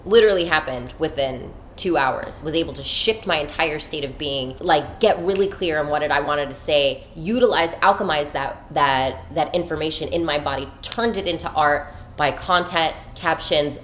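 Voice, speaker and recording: A young woman hosting a podcast in a casual, animated style, swearing freely and using many fillers. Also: sits low, normal speed, hardly any pauses, slight background noise. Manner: animated, chatty, profane, filler-heavy. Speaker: podcast host. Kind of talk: casual spiritual podcast chat.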